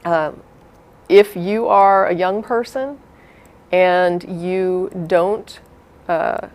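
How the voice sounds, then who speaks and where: A woman's voice: fairly low pitch, a little mellow. A woman co-hosting a live call-in TV show in a studio, explaining her views in an earnest, reflective way. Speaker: co-host. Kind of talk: casual commentary.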